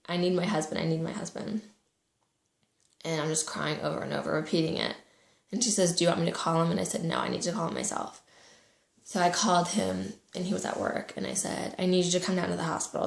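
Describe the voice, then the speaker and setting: A young woman telling a personal story to the camera in a halting, emotional way. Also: on the low side, creaky. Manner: emotional, halting, soft-spoken. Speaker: vlogger. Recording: echoey room.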